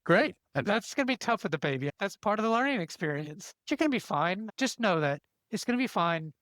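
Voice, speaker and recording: A man's voice: high voice, big pitch swings, fairly quick, a bit bright, no room sound. A middle-aged man hosts a casual interview, chatty and encouraging, rambling with restarts. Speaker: podcast host.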